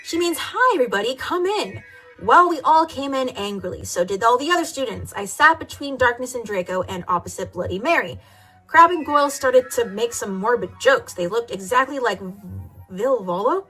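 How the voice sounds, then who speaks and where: A woman's voice: fairly high pitch, animated, normal speed, sharp tone, breathy edge, soft background music. A woman reading a fanfic aloud for comedy, playing it over the top and now and then laughing at the text. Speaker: reader.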